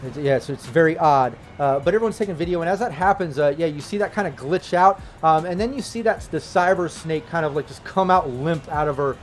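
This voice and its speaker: A man's voice: a little high, fairly quick, hardly any pauses, faint music behind. A man narrating as game master of a tabletop game, loose and full of fillers.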